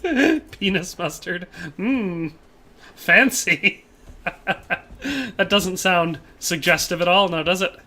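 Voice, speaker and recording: A man's voice: sits high, slow, pauses often, sharp tone. A man live-streaming a shooter game, chatting casually and reading viewer comments, rambling and tacking playful tag phrases onto his lines. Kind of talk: casual gameplay commentary while reading chat.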